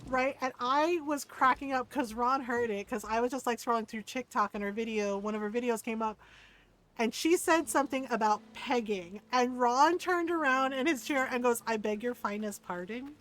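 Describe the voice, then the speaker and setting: A woman streamer chats casually while she plays, full of fillers, swearing and laughter. Her voice sits a little high for a woman, and she slips easily into reading the game's story aloud. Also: fairly bright tone. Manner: chatty, profane, laughing, lots of fillers; also reads game story aloud at a brisk pace. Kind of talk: casual gaming stream chat.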